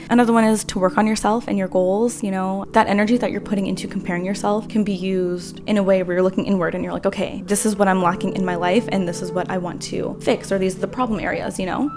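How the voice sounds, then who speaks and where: A woman's voice: medium pitch, creaky. A woman in her twenties, talking earnestly and rambling with many fillers in a casual vlog. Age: 20s. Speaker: vlogger. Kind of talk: casual talk to camera.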